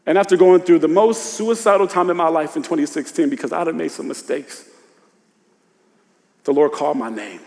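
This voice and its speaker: Man, preacher, sermon, high voice, casual speech, hushed to shouting, long hall echo. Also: a little fast, vocal fry. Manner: swings from hushed confession to shouted exhortation; informal Southern-tinged preacher speech, "y'all" and "ain't".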